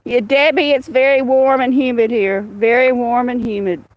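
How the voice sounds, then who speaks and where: A woman hosting a casual livestream outdoors, greeting viewers by name in a slow, chatty way. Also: fairly high pitch, steady tone, dry recording, highs cut off. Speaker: livestream host. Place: outdoors with cats.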